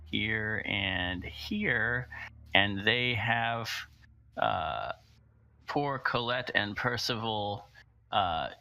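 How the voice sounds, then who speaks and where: Brief: male game master, gravelly, bright-toned, slow and halting. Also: on the low side, dry recording. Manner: hesitant, many ums. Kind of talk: narrating a tabletop game.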